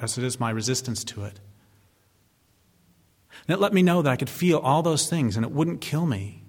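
Blunt sardonic man in a reverberant hall. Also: mid-range voice. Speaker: speaker giving a public talk. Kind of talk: impassioned public talk. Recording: long reverb of a large hall.

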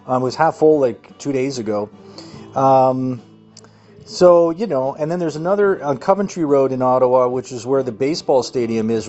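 A man hosting an activist livestream, talking in an excitable, rambling way full of fillers. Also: medium pitch. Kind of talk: excited casual monologue. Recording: muffled audio with faint music.

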